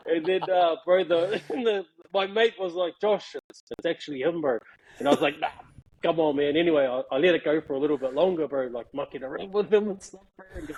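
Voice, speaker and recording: A man's voice: a little high, brisk, darkish tone, rough recording. A man telling a story in casual chat, laughing often and saying "bro" a lot. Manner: laughing, slangy, peppers speech with "bro". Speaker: guest.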